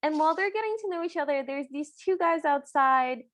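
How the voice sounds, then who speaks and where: A woman with a fairly high voice co-hosts a podcast. She walks through a film's plot in loose, chatty summary, filling her sentences with "like". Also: a little fast, fairly bright tone, no room sound. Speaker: podcast co-host. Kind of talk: casual chat recapping a film.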